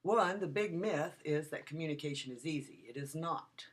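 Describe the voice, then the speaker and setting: A woman giving a recorded video lecture as a university lecturer, talking in an animated, emphatic way and repeating her key points. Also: deep voice, moderate pace.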